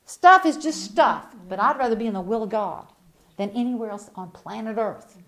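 Animated woman preaching. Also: a little high, moderate pace. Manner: folksy storytelling with sudden loud emphatic bursts and hushed asides. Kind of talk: sermon.

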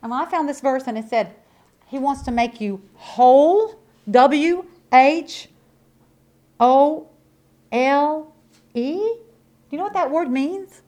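Woman preacher with a high voice, emphatic, folksy sermon delivery that swings from loud to hushed. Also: moderate pace. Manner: folksy, conversational asides to the congregation.

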